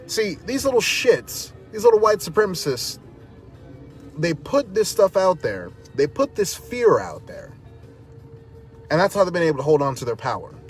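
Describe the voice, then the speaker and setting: A man with a drawl delivers a fiery, defiant address straight to his audience, his voice sitting fairly high for a man. He drives his points home with repeated phrases, and faint music plays underneath. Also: sing-song, moderate pace. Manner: fiery, defiant, rhetorical repetition. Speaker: activist, protest organizer. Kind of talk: impassioned direct-to-camera talk.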